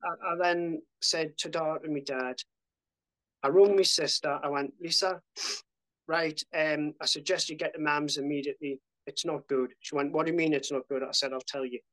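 A man's voice: fairly high pitch, steady tone, normal speed, fairly bright tone, rough recording. Blunt man. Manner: blunt, swears freely, emotional. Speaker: guest. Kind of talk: casual storytelling.

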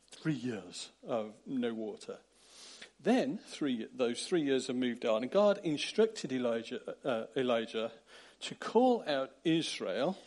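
A man preaching a sermon, retelling a story with lively, animated delivery and acted-out quotes. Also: mid-range voice. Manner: animated, acts out quotes with sudden loud bursts.

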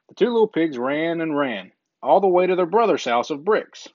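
A man reading a children's story aloud in a gentle, measured way, with small slips now and then. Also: a little high, animated, no room sound. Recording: dull lo-fi recording.

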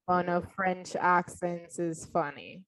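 A woman's voice: on the low side, steady tone, takes it slowly. Young woman in a teasing casual chat. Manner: playful, teasing, many ums and likes. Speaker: friend in a chat.

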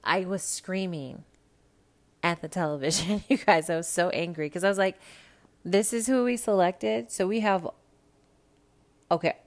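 A woman from the American Midwest hosting a podcast, chatting casually about pop culture with lots of swearing and sudden loud rants. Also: fairly low pitch, measured pace, pauses often. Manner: profane, animated, swings to loud rants. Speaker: podcast host.

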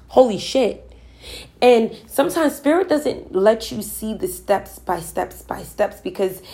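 A woman telling a personal spiritual story, her voice at a middle pitch. She speaks earnestly and emphatically in a loose conversational way, circling back and repeating words for effect. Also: gravelly, darkish tone. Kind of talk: personal storytelling about manifesting.

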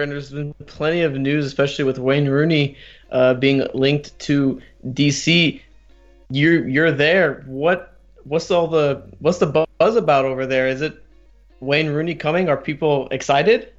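A man's voice: fairly high pitch, fairly even intonation, measured pace, lo-fi sound, soft background music. A man co-hosting a soccer podcast in casual chat, rambling and repeating words, laughing as he talks. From United States. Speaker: podcast co-host.

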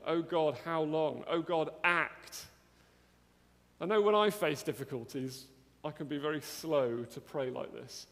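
A man's voice: on the high side, creaky. A man preaching a sermon in an earnest way, often asking his listeners questions like "isn't it?". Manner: earnest, with tag questions to the congregation. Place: church hall. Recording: long church-hall reverb.

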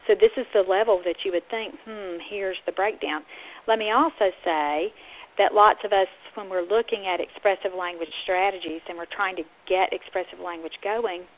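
A woman's voice: mid-range voice, fairly even intonation, normal speed. A middle-aged woman, a speech-language pathologist, earnestly teaching listeners and talking straight to them. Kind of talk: podcast teaching talk. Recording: phone-like narrow sound.

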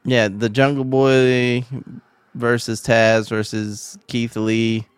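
A man co-hosts a casual wrestling review podcast, laid-back and blunt, with casual swearing. His voice is smooth and resonant. It is recorded dry and close, with no room echo. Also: mid-range voice, flat delivery, slow. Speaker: podcast co-host.

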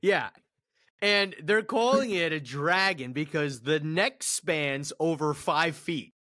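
A man's voice: fairly high pitch, takes it slowly, pushed and bright. A man co-hosting a sports podcast, chatting casually and laughing often at jokes. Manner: joking, laughs a lot. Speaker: podcast co-host.

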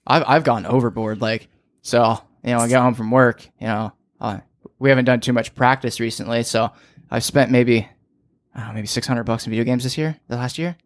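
A man's voice: medium pitch, fairly even intonation. Easygoing cussing man in his twenties. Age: 20s. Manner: easygoing, swears a lot, quick to agree. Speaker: band member guest. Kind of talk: casual interview chat.

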